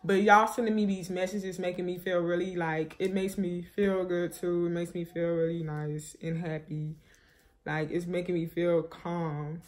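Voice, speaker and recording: A woman's voice: lowish voice, level tone, normal speed. A young woman vlogger, telling viewers a painful personal story in a rambling, grieving way, full of fillers and restarts. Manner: grieving, subdued and shaky.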